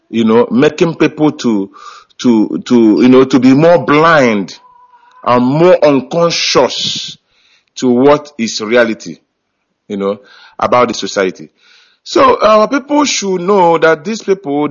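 A man's voice: fairly high pitch, muffled recording. A man calling in to a radio show over an internet call, talking earnestly with many hesitations and restarts. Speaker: caller.

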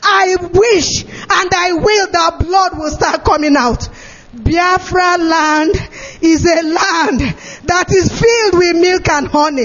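A man giving an impassioned political address, often shouting and pleading through tears. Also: very high voice, slow pace, slight background noise. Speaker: activist speaker. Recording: dull lo-fi recording.

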